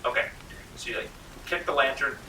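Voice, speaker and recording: A man's voice: medium pitch, brisk, bright, forceful tone, a little hiss or hum. A man from North Carolina running a tabletop game as game master, chatting loosely with many fillers. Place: library room. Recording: roomy library room, mic far off.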